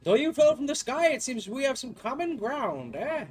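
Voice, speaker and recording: Guy doing a posh little professor voice, fussy and polite, way up high and bouncing around. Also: big pitch swings, normal speed, breathy edge, soft background music, full character voice. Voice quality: put-on posh, prim accent. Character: fussy, genteel old-fashioned male professor.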